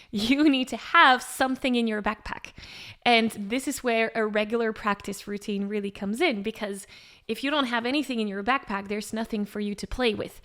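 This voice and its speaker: A woman vocal coach explaining pitch step by step in an encouraging way, with short sung demonstrations. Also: fairly bright tone. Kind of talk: singing lesson with sung demonstrations.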